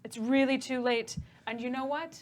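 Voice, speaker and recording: A man's voice: very high-pitched, steady tone, normal speed, slight background noise. Woman putting on a polite British Ifriti killer. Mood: cold regret. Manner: polite, quietly sinister. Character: menacing male Ifriti killer, calm and regretful.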